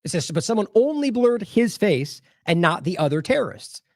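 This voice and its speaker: Male news host, higher voice, sarcastic rambling commentary, close dry mic. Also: sing-song, normal speed, gravelly, darkish tone, no echo. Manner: sarcastic, rambling with frequent restarts. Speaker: independent news show host. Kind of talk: commentary over video clips.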